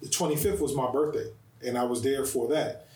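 A man hosting a podcast in casual chat, telling stories in an animated way and stressing his words. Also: mid-range voice, a little fast, echoey room, rough recording. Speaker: podcast host.

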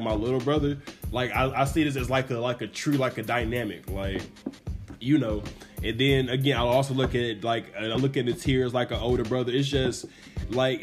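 A young man hosting a podcast in casual chat, telling stories animatedly and acting out quotes in a profane, lively way. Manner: acts out quotes with big pitch jumps, profane. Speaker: podcast host.

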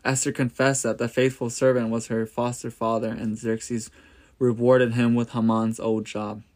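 A man reads a Bible story aloud at an ordinary mid pitch. His delivery is plain and steady, and he only lightly shades the quoted characters. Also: normal speed.

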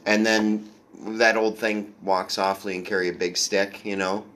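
A male podcast host with a fairly low voice, chatting in a relaxed way. He swears easily and makes jokes at his own expense. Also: measured pace. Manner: laid-back, profane, self-deprecating. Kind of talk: casual podcast chat.

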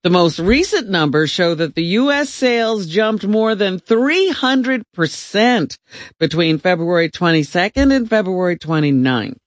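Slow, lively-pitched man reading news. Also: no echo, studio quality. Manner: measured, with fillers. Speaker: news reader on a radio show.

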